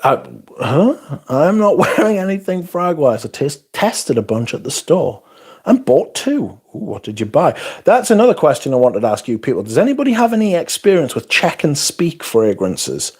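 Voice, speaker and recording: With a fairly high, husky, slightly mellow voice that swings widely in pitch, a man hosts a relaxed fragrance livestream at a normal speed. He reads viewer comments aloud, rambles, pokes fun at himself, and drifts off mid-sentence.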